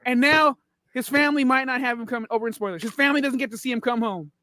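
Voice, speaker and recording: A man's voice: very high-pitched, quick pace, sharp tone, no room sound, studio quality. A man co-hosting a horror podcast, crude and profane, laughing often. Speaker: podcast co-host. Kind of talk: casual horror review chat.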